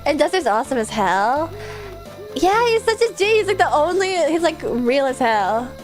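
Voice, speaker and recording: A woman streaming a video game, chatting excitedly and casually, swearing now and then. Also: sits high, moderate pace. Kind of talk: casual gameplay livestream chat. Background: faint game music.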